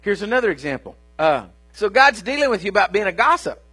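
A male pastor preaching a sermon, folksy and animated, acting out inner dialogues and talking straight to the congregation. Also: high voice, quick pace, husky, soft background music. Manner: animated, acts out inner dialogues in shifting voices; folksy, addresses congregation directly.

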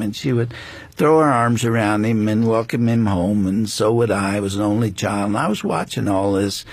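An older man appears as a guest on a faith interview show, sharing a personal story earnestly and reflectively, often pausing and restarting. His voice sits on the low side and is slightly rough, with no echo.

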